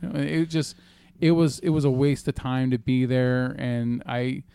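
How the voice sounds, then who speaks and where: A man's voice: medium pitch, level tone, a little slow, creaky, mellow, clear, resonant tone. A man chatting casually on a podcast as co-host, telling a rambling, profane story full of fillers. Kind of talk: casual chat.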